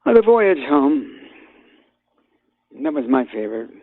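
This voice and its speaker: An older man, a guest actor, talking in a phone interview, halting with many fillers and restarts. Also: a little high, very animated, dry recording. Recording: tinny phone line.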